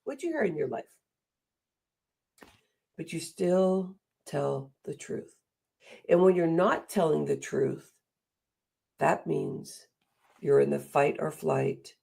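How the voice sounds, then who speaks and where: A middle-aged woman giving a motivational talk, animated and acting out the voices she quotes. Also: low voice, slow pace, creaky, long pauses, slightly rough. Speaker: speaker and coach.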